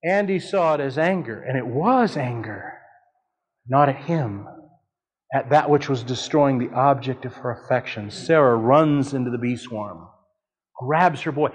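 A man in his fifties preaching a sermon, telling a family story with animated delivery and leaps of voice for dramatic quotes. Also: mid-range voice, measured pace, breathy edge, low-quality recording.

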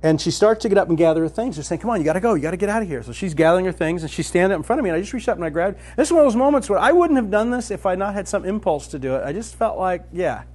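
A man in his fifties telling a lively story in a sermon, acting out the dialogue as he goes. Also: high-pitched, very fast, few pauses. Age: 50s.

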